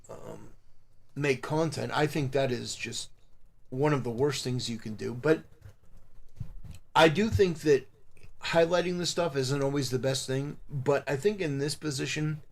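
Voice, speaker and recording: A man's voice: medium pitch, gravelly. A male content creator lectures in a moralizing, preachy monologue. He stops and restarts often, filling the gaps with hesitant fillers. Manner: moralizing, halting with many fillers. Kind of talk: preachy live-stream monologue.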